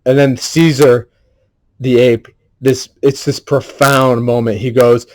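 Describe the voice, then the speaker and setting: Slow, earnest, intense man. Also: medium pitch, steady tone. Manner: earnest and intense, swears freely. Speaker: solo livestreamer. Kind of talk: emotional solo performance. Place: at home.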